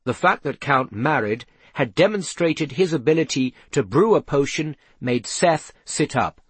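A man narrating a children's novel aloud with expressive storytelling. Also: fairly high pitch, unhurried, husky, dry recording. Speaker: audiobook narrator. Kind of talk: scripted narration.

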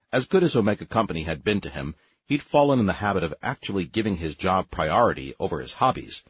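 A man reading a sci-fi audiobook as narrator, measured storytelling with wry asides. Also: low voice, husky, no echo, lo-fi sound. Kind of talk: scripted narration.

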